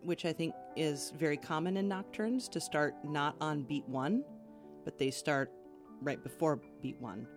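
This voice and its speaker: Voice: mid-range voice, unhurried. A host of a classical music show who chats and explains pieces in plain terms. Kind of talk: casual chat and show hosting.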